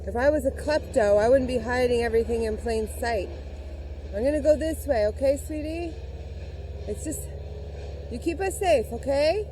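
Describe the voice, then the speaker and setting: This woman's voice is high-pitched and dark in tone, moving at a normal speed, and the low-quality recording carries a slight hiss or hum. She's outdoors on a forest trail, slightly winded, narrating a tongue-in-cheek spooky investigation vlog and talking to her dog.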